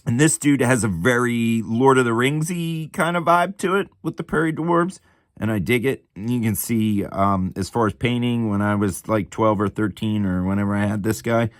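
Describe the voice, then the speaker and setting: A man's voice: mid-range voice, normal speed, no room sound, studio quality. A man in his forties giving a casual, chatty show-and-tell from his home hobby room, laid-back and swearing freely. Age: 40s. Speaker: miniature hobby channel host.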